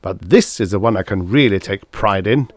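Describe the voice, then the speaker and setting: A swaggering provincial nobleman in an audiobook, growling his words in a heavy, rich accent, as a man puts him on. The voice sits low and the sound is close and dry. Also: moderate pace, no room sound. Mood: boastful. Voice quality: thick rich put-on foreign accent. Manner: growling, blustering. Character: pompous male provincial nobleman, gruff and boastful.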